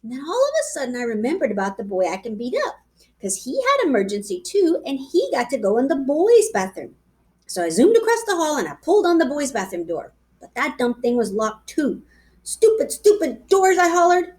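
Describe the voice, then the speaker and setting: Lively woman reading a children's story. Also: fairly high pitch, fairly quick. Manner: lively, playful child's-voice narration. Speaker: reader. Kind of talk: storybook read-aloud.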